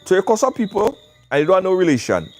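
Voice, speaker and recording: A man's voice: sits high, fast talker, soft background music. A man, hosting a live call-in show, talking casually and emphatically, often repeating words, recorded outdoors in the wind. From Caribbean. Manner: animated, emphatic repetition. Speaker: show host. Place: outdoors, windy.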